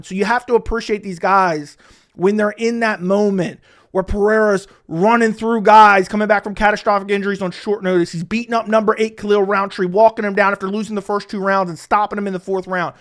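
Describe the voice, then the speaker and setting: Ranting high-voiced man. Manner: heated, ranting, mocks others in whiny voices. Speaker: MMA commentator. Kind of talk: opinionated solo commentary.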